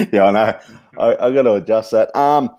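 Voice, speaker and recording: A man hosts a casual podcast in a fairly low voice. He chats loosely, laughs often and swears freely. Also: darkish tone, highs cut off. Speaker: podcast host. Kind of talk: casual chat.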